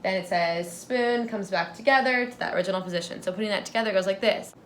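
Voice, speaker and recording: A young woman teaching a dance tutorial, clear and instructive as she breaks down and counts out moves. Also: mid-range voice, fast, a little hiss or hum.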